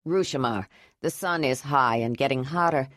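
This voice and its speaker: A practical male cave leader gives firm orders, as a woman narrator drops her voice to play him. He sounds low and steady, close and dry. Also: normal speed, dry recording. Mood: commanding. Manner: firm, commanding.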